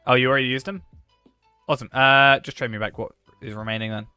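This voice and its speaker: A man's voice: mid-range voice, fairly even intonation, fast talker, pushed and bright, clean tone, dry recording. A man, streaming a game and chatting casually with viewers while he plays, cracking jokes. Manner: joking, chatty, talks to chat while playing. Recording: faint background music.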